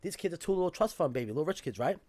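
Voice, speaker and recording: A man's voice: on the high side, expressive, rapid-fire, a little mellow. A man telling a story in casual podcast chat, emphatic and profane in a street style.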